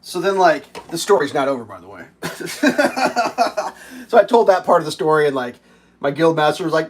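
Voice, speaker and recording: A man's voice: a little high, very animated, normal speed, husky. A man hosting a livestream, rambling and swearing through a laughing story while he makes breakfast. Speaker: livestream host. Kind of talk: casual storytelling while cooking.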